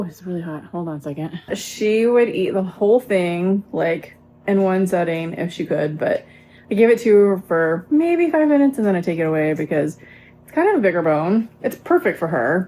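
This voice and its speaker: A woman's voice: on the low side, a little mellow. A woman in her fifties from the Pacific Northwest, chatting casually in her vlog about food, her dog and giving to animal rescue. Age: 50s. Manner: chatty, reflective, tearful at times, baby-talks to her dog. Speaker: lifestyle vlogger. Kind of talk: casual vlog talk to camera.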